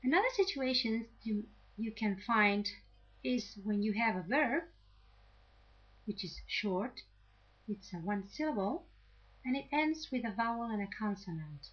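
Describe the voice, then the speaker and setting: Patient woman teacher, slow and deliberate, lesson voice, slightly muffled recording. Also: on the high side, animated. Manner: slow, patient, checks in with "okay?". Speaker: English teacher. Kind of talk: grammar lesson to camera. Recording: slightly dull lo-fi audio.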